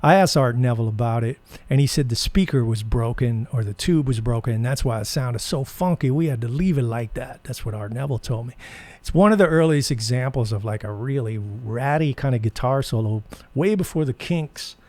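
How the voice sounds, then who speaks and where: A man's voice: mid-range voice, fairly quick, darkish tone, dry recording. A man hosting a guitar channel, casually telling rambling anecdotes full of fillers. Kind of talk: casual storytelling.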